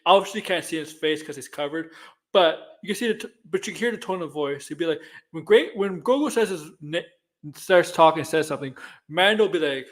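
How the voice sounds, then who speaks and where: Man, high voice, middle-aged, movie news co-host, rambling, repeats himself. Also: lively intonation, brisk. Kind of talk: casual entertainment news chat.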